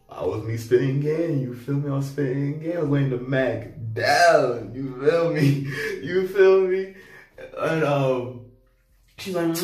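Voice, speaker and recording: A young man telling a casual storytime, slangy and animated, acting out both sides of the conversation. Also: medium pitch, moderate pace. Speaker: vlogger. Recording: echoey room heard from a distance, faint music.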